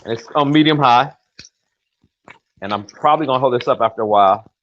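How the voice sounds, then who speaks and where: A man's voice: mid-range voice, brisk, fairly bright tone, highs cut off. An older man from the United States hosting a casual cooking livestream in his home kitchen, talking in a chatty, rambling way with jokes and self-corrections.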